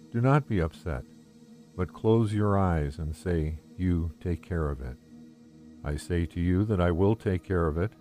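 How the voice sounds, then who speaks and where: A man reading a devotional text aloud in the first person, in a calm, gentle and measured way. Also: lowish voice. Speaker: devotional reader.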